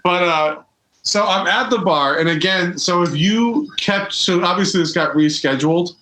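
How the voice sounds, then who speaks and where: A man's voice: sits high, normal speed, bright, forceful tone. A man co-hosting a casual watch-along chat, telling stories animatedly and swearing freely. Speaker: podcast co-host. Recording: echoey room.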